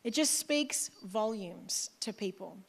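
A woman's voice: mid-range voice, expressive, takes it slowly, creaky. A woman pastor with an Australian accent giving a chatty, conversational sermon in church, with asides to the congregation.

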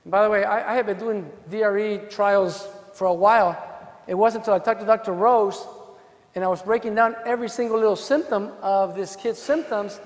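A man with an accent giving an animated, joking conference talk to a room of lawyers. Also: sits high, brisk. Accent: non-native English. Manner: animated, profane, jokes with the audience. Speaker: defense attorney presenting at a legal seminar. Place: hotel conference hall. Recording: long hall reverb.

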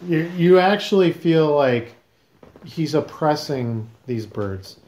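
A man's voice: fairly high pitch, lively intonation, takes it slowly, darkish tone, roomy sound, a little hiss or hum. A man hosting a casual podcast, questioning his guest in a teasing, mock-serious way. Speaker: podcast host.

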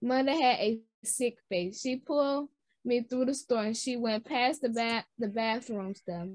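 Slow-reading woman, halting children's story. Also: fairly high pitch, dry recording. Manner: halting, with restarts and repeated words. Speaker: reader. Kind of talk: reading a children's book aloud.

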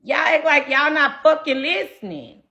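Brash high-voiced woman ranting at chat. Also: animated, moderate pace, highs cut off. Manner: brash and profane; loud and combative. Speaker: livestreamer.

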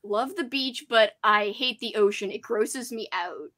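A woman's voice: mid-range voice, unhurried, a bit bright. A young woman hosting a casual live-stream book club chat, chatty and giggly as she reads out viewer comments. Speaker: host of a horror book channel.

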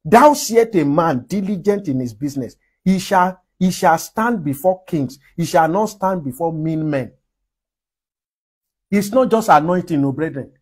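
A man from Nigeria delivers a sermon in a fairly high, husky voice. He preaches with strong emphasis and laughs often between his points. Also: lively intonation, a little slow, darkish tone.

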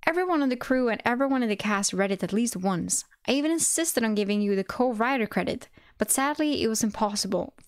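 A fawning male screenwriter gushes in a raised, bright voice, piling on overeager praise, as a woman reads him aloud. The sound is close and dry, with no room around it. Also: fairly high pitch, expressive, fast talker, few pauses, clean tone, dry recording, lightly acted. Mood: effusive.

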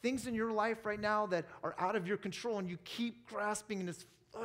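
A pastor with an American accent preaching a weekend church sermon in an earnest, conversational way, mixing scripture with family stories and playful asides. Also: male voice, sits high, normal speed, few pauses, a bit bright. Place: church service.

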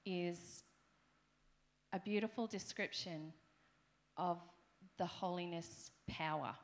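She speaks slowly in a lowish voice: a middle-aged Australian woman giving a conversational sermon in a church hall. Playful asides to the congregation run through her preaching.

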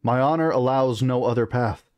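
Man reading a commanding young prince; firm, urgent, mid-pitched, dry close sound. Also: normal speed, darkish tone, no echo, natural voice. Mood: determined.

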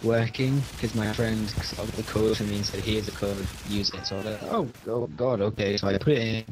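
A man's voice: lowish voice, little pitch movement, fairly quick, background noise. A man from Northeast England with a Northeast English accent, chatting casually as a guest in an easygoing, matter-of-fact way. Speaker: guest, custom lobby host. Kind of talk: casual chat.

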